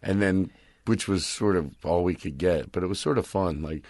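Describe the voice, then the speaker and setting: A man's voice: deep voice, moderate pace, dry recording. A man guesting on a podcast in casual chat, telling stories with passion and energy. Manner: passionate, animated storyteller.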